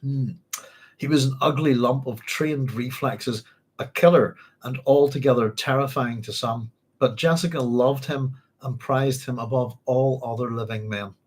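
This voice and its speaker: Husky Northern Irish man, rambling. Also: medium pitch. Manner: rambling, halting, with frequent ums and self-corrections. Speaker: book club host. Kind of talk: casual book discussion and reading aloud.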